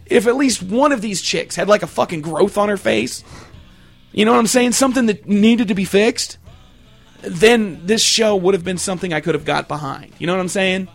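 A man's voice: sits high, normal speed, creaky, faint music behind. A man hosting a comedy show, ranting in a crude, rambling way and swearing constantly. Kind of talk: profane comedic rant.

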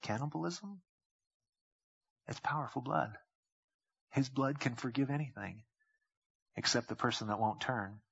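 A male pastor preaching a sermon, acting out quoted voices with sudden jumps in pitch. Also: a little slow, vocal fry, long pauses, fairly bright tone, slightly rough, muffled recording.

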